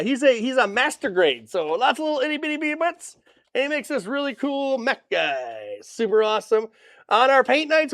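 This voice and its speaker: This hobby-shop owner's voice is extremely high and a bit bright, in clean studio sound without echo. On his livestream, picked up by a camera mic facing a monitor, he hypes new products casually and cracks goofy jokes.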